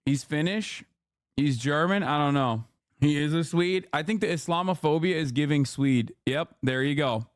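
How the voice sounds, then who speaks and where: A man streaming, reacting to clips with sarcastic, profane, rapid-fire commentary. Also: fairly high pitch, dry recording, clean studio sound. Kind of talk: casual commentary.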